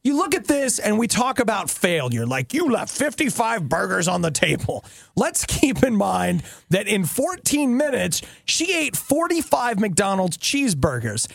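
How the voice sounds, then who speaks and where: A middle-aged man co-hosts with playful, teasing banter, his fairly high voice swooping widely from line to line. A gravelly edge runs under his talk, and the sound is close and dry. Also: unhurried, dry recording. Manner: playful, teasing, animated storytelling. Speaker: co-host. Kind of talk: casual banter on a talk show.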